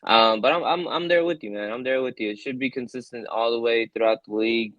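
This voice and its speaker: A man co-hosting a soccer podcast, speaking in a hesitant way with many pauses and restarts. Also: mid-range voice, fairly bright tone, dry recording, dull audio. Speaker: podcast co-host. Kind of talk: casual podcast chat.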